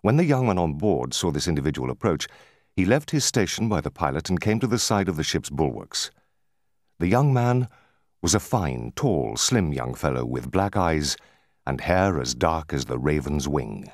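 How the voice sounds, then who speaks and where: Deep-voiced man reading an audiobook. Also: big pitch swings, normal speed, darkish tone, dry recording, clean studio sound. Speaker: audiobook narrator. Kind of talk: scripted narration.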